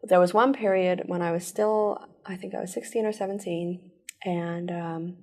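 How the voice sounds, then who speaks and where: A woman giving an earnest personal account in an interview, telling it in rushed bursts. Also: fairly low pitch, fairly even intonation, a little mellow. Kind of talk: personal testimony.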